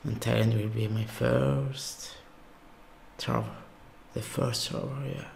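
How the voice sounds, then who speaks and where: Gravelly Algerian man, awed reaction. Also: medium pitch, steady tone, a little mellow, slight background noise. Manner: awed, exclaiming, halting non-native English. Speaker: reaction video host. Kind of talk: casual reaction commentary.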